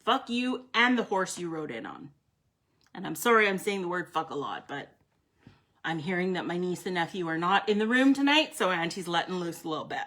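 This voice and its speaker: A woman's voice: fairly low pitch, animated, brisk, fairly bright tone. A woman giving a live tarot reading, talking bluntly and emphatically, swearing freely and chatting with viewers by name. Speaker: tarot card reader.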